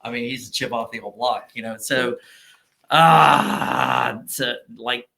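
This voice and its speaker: Loud, profane man storyteller. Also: medium pitch, slow pace, gravelly. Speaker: gym owner and powerlifting coach. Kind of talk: casual podcast chat.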